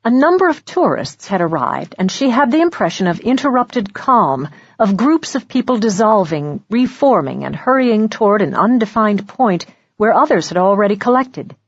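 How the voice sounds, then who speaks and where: Breathy woman narrating a thriller. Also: medium pitch, very animated, normal speed, no echo, highs cut off. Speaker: audiobook narrator. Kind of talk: scripted narration.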